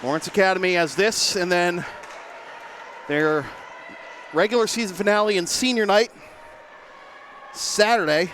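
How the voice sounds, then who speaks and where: A man's voice: sits high, a little hiss or hum. A man calling a hockey game play-by-play from a rink press box, a bit out of breath at the start. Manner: quick, energetic play-by-play delivery. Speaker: play-by-play commentator. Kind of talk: live sports commentary.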